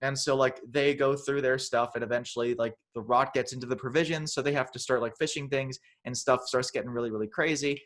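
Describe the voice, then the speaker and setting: A man retells a film in casual podcast chat. He rambles and restarts, sometimes slipping into exaggerated voices for the characters. His voice sits at an ordinary middle pitch. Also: steady tone, a little fast, few pauses, a bit bright. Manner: rambling, many restarts, acts out lines in funny voices. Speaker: podcast co-host.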